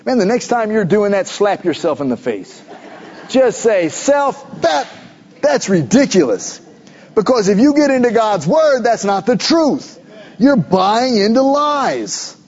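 A male pastor preaching a sermon in a conversational, animated storytelling way, with rhetorical questions. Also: sits high, measured pace. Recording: dull lo-fi recording.

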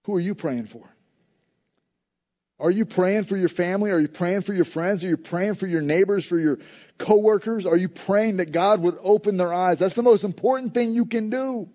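Male pastor, high mellow voice, conversational sermon that swings from emphatic to hushed, slightly dull recording. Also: moderate pace. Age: adult with a school-age son. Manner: conversational preaching, shifting between loud emphasis and soft low asides.

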